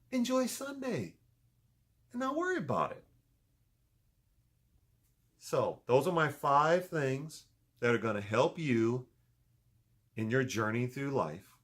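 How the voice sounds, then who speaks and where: Animated, profane man vlogging advice. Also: measured pace, pauses often. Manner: animated, swings from loud emphatic to low muttering; profane, joking. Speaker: video blogger. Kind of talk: casual motivational vlog.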